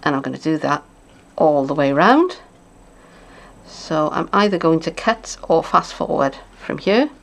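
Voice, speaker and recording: Gravelly-voiced woman chatting through a craft. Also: low voice, expressive, measured pace. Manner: chatty, thinks aloud, playful asides. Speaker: papercraft demonstrator. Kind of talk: casual craft tutorial.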